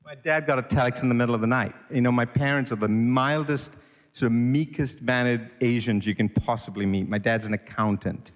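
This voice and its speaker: A man's voice: medium pitch, steady tone, brisk, big-room sound. A middle-aged man from Sri Lanka, a podcast guest telling a long story animatedly and acting out the voices in it.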